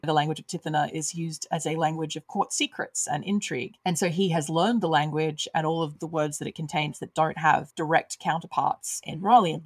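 Woman, low pitch, articulate and enthusiastic author guest, dry close sound. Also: gravelly, no echo. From Australia. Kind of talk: conversational interview.

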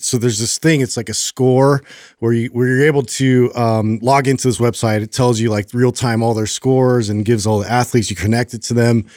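A man co-hosting a podcast, telling a long story in a casual, rambling way with many fillers and animated retellings. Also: medium pitch, dry recording, clean studio sound. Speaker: podcast co-host.

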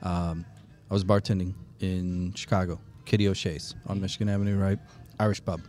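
A man hosting a podcast, chatting casually and telling an animated, swear-laced story. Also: low voice, a little fast, soft background music. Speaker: podcast host. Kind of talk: casual chat and anecdote.

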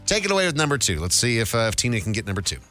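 A man hosting a radio game segment, upbeat and quick to laugh. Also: mid-range voice, very animated, sharp tone, soft background music.

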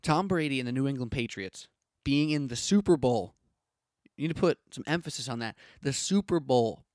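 A man's voice: fairly high pitch, dry recording, studio quality. A young man hosting a solo sports podcast, ranting in a punchy, opinionated way with lots of rhetorical questions.

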